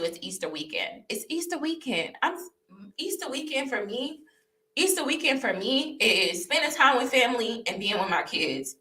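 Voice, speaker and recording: A young woman vlogging her personal testimony, telling the story candidly and animatedly, repeating herself and laughing. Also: on the high side. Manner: animated, repetitive, laughing as she recounts. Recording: roomy echo, voice a bit far from the mic.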